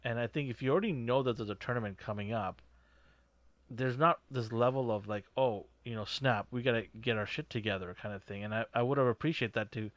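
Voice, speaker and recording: A man's voice: mid-range voice, a little fast, no echo. Male podcast co-host, mid-range voice, loose filler-heavy movie chat, dry recording. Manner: rambling, filler-heavy, animated reactions. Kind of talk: casual movie review chat.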